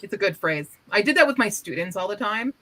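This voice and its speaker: A woman in casual chat, an animated storyteller who swears freely and acts out quotes. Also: mid-range voice, fast, low-quality recording.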